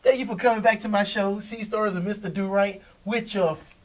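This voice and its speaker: A man's voice: high voice, fast, distant mic. A man hosting his own video show, talking casually and loosely, swearing freely and laughing as he answers critics. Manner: animated, swearing, laughs often, talks back to critics. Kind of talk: casual monologue to camera.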